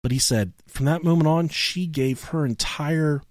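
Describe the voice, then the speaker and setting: A man's voice: on the high side, normal speed, no echo, studio quality. A man co-hosting a podcast, telling crude stories in casual chat and acting out the voices of the people in them. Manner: profane, animated storyteller acting out voices. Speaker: podcast co-host.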